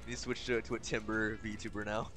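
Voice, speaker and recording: A man's voice: fairly low pitch, level tone, normal speed, loud music behind the voice. Rambling, foul-mouthed young male streamer. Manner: rambling, swears often, swings between exasperated and giddy. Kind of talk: casual gaming commentary.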